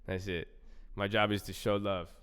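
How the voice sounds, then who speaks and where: Male livestream host, low smooth voice, rambling casual chat full of "bro", reverberant sound. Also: level tone, moderate pace, fairly bright tone. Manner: loose, rambling, repeats himself, says "bro" and "man" a lot.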